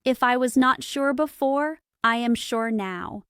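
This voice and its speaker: A dying asylum patient from a gothic audiobook, pleading with breathless urgency, as a woman reads him. The delivery is unhurried and crisp. The sound is dry and close. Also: fairly high pitch, a bit bright, dry recording. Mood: urgent. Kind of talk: audiobook reading for English learners.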